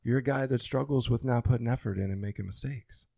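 A man's voice: mid-range voice, fast, gravelly, warm tone, no room sound, studio quality. A man co-hosting a podcast, talking candidly and earnestly about his relationship, swearing freely. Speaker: podcast co-host. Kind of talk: candid conversational podcast talk.

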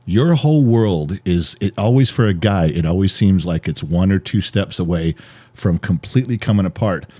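A man's voice: deep voice, animated, moderate pace, mellow, breathy edge. A middle-aged man, a podcast co-host and father, talking through a heated personal monologue in an emphatic, repetitive way and swearing now and then. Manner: emphatic, repetitive, swears, builds an extended metaphor.

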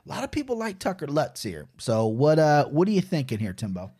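A man hosting a casual betting podcast, talking in loud, profane, joking banter. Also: fairly high pitch, huge pitch swings, fairly quick, breathy edge. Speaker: podcast host.

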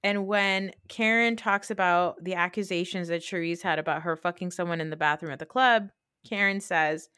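A woman co-hosting a podcast, gossiping in an animated, emphatic way and swearing casually. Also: fairly low pitch, normal speed, clean tone, dry recording, studio quality. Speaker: podcast co-host. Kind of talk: casual chat.

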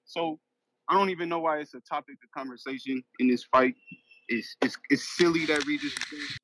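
A man co-hosting a boxing podcast, giving his opinion in a halting way, often repeating words. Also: fairly high pitch, a bit bright, dry recording, low-quality recording. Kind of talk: casual opinion talk.

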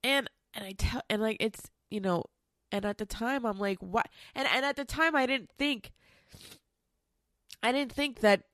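A woman's voice: on the high side, measured pace, a bit bright, dry recording, studio quality. A woman telling a personal story in a candid, rambling way, emotional and swearing freely, with many restarts.

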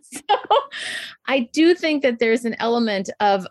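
A woman's voice: medium pitch, moderate pace, no room sound, clean studio sound. A middle-aged woman coach speaking in an interview, thoughtful and reflective, often breaking into laughter. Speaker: guest, communication coach. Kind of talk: conversational interview.

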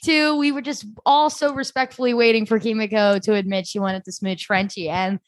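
Woman, high-pitched and gushing, casual recap host, dry close mic. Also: fairly even intonation, a little fast, dry recording. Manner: gushing, enthusiastic. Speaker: podcast co-host.

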